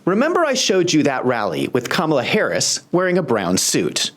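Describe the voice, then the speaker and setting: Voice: mid-range voice, huge pitch swings, moderate pace. A host delivering political commentary in a sarcastic, pointed manner.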